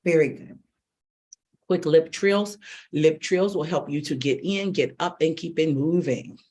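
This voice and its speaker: A middle-aged woman vocal coach leading a warm-up lesson, energetic and encouraging, giving brisk, direct instructions and checking in often. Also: low voice. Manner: energetic and encouraging, checking in with "okay?" and "all right?".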